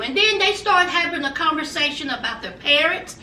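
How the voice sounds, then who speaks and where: Sassy, bright-voiced woman recapping in a roomy space. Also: sits high, moderate pace. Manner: sassy, animated storytelling, calls the viewer "child" and "honey". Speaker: reality TV recap host. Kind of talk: casual chatty recap. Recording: roomy, distant mic with faint background noise.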